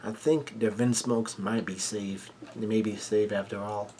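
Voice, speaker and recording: A man with a fairly low voice walks through a manga chapter panel by panel, stringing events together with "and" and frequent fillers. There is a faint hiss of background noise under his voice. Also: steady tone, mellow. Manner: halting, run-on narration with many fillers. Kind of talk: casual chapter recap.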